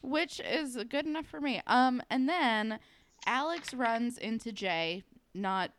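A woman's voice: fairly high pitch, lively intonation, takes it slowly, a bit bright, slight background noise. A woman co-hosting a podcast, casually retelling scenes with many "um"s. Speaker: podcast co-host. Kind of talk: casual chat.

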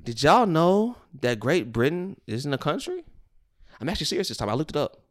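Young man, podcast co-host, animated swearing storyteller, casual chat. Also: on the high side, a little fast.

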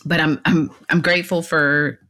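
A woman's voice: sits low, moderate pace. A woman being interviewed as a podcast guest, a clarity coach and fitness instructor, chatting casually, laughing often and acting out quotes as she tells stories. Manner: animated storyteller who laughs often and acts out quotes.

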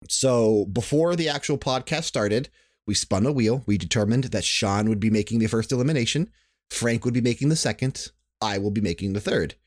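A man's voice: mid-range voice, dry recording, clean studio sound. A young man hosting a casual gaming podcast, talking in a chatty, rambling way and often restarting his sentences. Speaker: podcast host.

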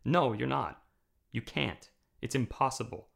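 A man's voice: medium pitch, lively intonation, unhurried, vocal fry, fairly bright tone. A man preaching a video sermon in a conversational way, often checking in with "okay?" and building to impassioned emphasis. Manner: frequent checking "okay?" with listeners. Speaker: pastor. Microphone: camera mic.

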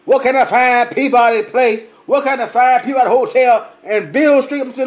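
A man's voice: extremely high pitch, normal speed, hardly any pauses. A tipsy man delivering a profane comedic rant, swearing constantly and mimicking other people's questions. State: tipsy, sweating. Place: lively night venue with drinks.

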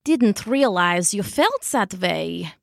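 A woman voicing a calm, languid female cat in a storybook, speaking with a purr. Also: mid-range voice, slow, gravelly, soft background music, pitched below the performer's own voice, heavily acted. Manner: languid, purring.

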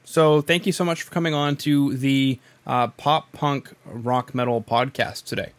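A man's voice: medium pitch, fairly even intonation, measured pace, no echo. Jokey podcast host, a man, dry sound. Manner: jokey and enthusiastic. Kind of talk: casual interview chat.

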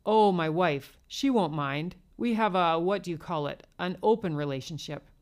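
A woman's voice: on the low side, moderate pace, close to an everyday voice. A woman voicing a nervous, stammering office man. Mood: nervous eager. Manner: stammering, hesitant. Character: nervous, eager middle-aged office man.

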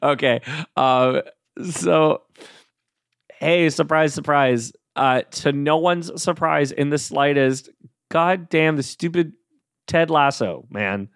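A man's voice: fairly high pitch, takes it slowly, a bit bright, clear, resonant tone, no room sound. Guy rambling on his solo podcast, lots of ums and likes, dry close mic. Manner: rambling, self-amused, frequent fillers. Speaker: podcast host. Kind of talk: casual solo podcast talk.

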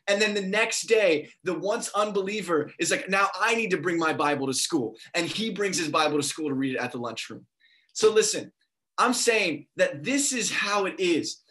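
A young man preaching a sermon, telling a story with energy and acting out the quoted voices. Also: sits high. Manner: animated, acts out quoted voices.

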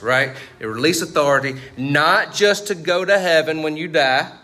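A man's voice: on the high side, moderate pace, sharp tone. A male pastor preaching a sermon in a conversational style, quizzing the congregation with fill-in questions and tagging points with "right?". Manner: tags points with "right?" and "you see what I'm saying?".

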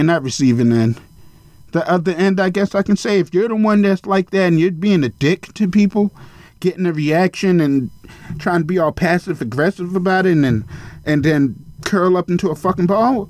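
A man's voice: a little mellow, no echo. A man hosting his own podcast in a casual solo monologue, speaking bluntly with lots of swearing and rambling tangents. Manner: mocking high-pitched impressions of others. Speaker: podcast host.

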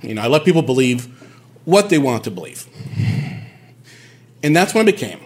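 A man from Puerto Rico telling a personal story in an animated, candid way, swearing casually. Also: mid-range voice, moderate pace.

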